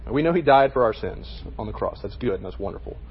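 A man's voice: medium pitch, expressive, quick pace, breathy edge, dull audio. A man leading a casual Bible lesson for a youth group, talking to them with frequent "okay?" check-ins.

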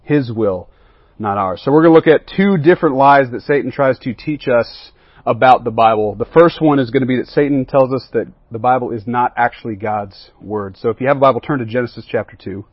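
A man's voice: mid-range voice, a little fast, no echo, lo-fi sound. A man leading a Bible lesson as a youth pastor, often asking the group questions and checking in with "right?" and "okay?".

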